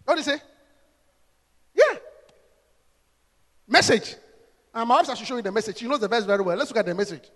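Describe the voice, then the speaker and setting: A man preaching a sermon, animated and acting out scenes in different voices. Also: extremely high pitch, a little fast, pauses often, long reverb tail. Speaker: pastor.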